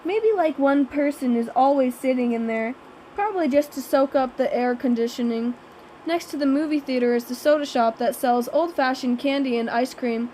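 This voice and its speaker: Wry, high-voiced woman audiobook narrator. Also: moderate pace, warm tone, a little hiss or hum, poor audio. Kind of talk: first-person audiobook narration.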